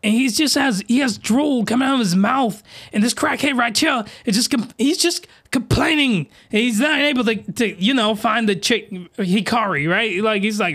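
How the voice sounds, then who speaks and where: A man hosting a comedy podcast, talking in an animated, incredulous, slangy way. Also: very high voice, moderate pace, hardly any pauses. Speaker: podcast host.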